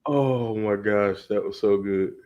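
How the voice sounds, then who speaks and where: A man's voice: on the low side, slow pace, darkish tone, muffled recording. A man co-hosting live reaction commentary, chiming in with short delighted interjections. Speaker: co-host of a wrestling watchalong.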